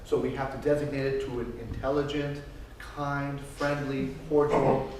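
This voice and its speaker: A man's voice: mid-range voice, level tone, moderate pace, a little mellow. A man hosts the event, introducing the panel and fumbling for words. His voice rings through a very echoey hall from a distance, with a hum of room noise behind him. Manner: rambling, searching for words. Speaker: event host. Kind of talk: stage introduction.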